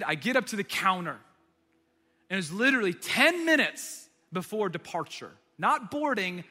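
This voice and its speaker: Male preacher, high and bright, animated storyteller with quick asides, in a reverberant hall. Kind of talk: sermon.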